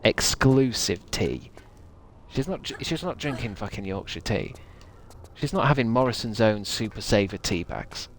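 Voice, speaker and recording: A man's voice: lowish voice, animated, moderate pace, a little hiss or hum. A man streaming a video game, rambling and swearing with a sarcastic edge. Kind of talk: gaming livestream commentary.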